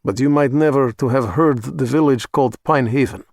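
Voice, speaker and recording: A man voicing a menacing male Russian hitman who speaks slowly in stiff, broken phrases with a Russian accent. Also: mid-range voice, vocal fry, darkish tone, dry recording, studio quality, close to an everyday voice. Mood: stiff, pronouncing. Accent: put-on Russian.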